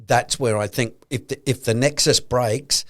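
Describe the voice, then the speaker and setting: A man's voice: mid-range voice, steady tone, a little slow, fairly bright tone. A man with an Australian accent co-hosting a casual podcast chat about investing, explaining his points by acting out made-up conversations. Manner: explains points through acted-out hypothetical conversations. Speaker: podcast co-host.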